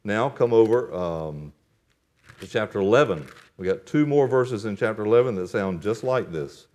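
A man preaching a sermon to a congregation, reading Bible verses in a solemn old-fashioned cadence and explaining them, rising to loud emphatic peaks and dropping to quiet, low asides. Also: lively intonation, normal speed. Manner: reads scripture in solemn King James cadence. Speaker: pastor.

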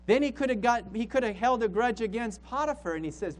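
A male pastor delivers a sermon in a high, animated voice that swoops up and down through each phrase. He leans on repetition, restating lines to drive them home, with a faint hum under the recording. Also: brisk, few pauses, low-quality recording. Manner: emphatic, repeats phrases for stress.

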